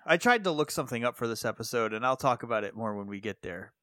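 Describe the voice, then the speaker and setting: A man's voice: mid-range voice, lively intonation, fast talker, pushed and bright, no room sound, studio quality. A man co-hosting a podcast, talking casually and giggling between remarks. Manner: giggly, chatty, trails off often. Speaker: podcast co-host. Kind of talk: casual chat.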